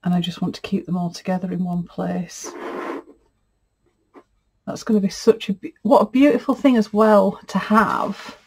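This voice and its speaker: A woman's voice: medium pitch, fairly even intonation, normal speed, a little mellow, husky. Gushing woman, textile artist. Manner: chatty, gushing and easily moved. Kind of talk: casual unboxing chat.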